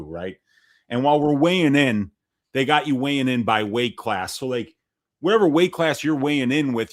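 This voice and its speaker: A middle-aged man tells a rambling story on a podcast in casual, profane chat. He jumps into the voices of the people he quotes and keeps the telling lively. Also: medium pitch. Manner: animated storyteller, swears freely, acts out quoted people. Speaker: podcast co-host.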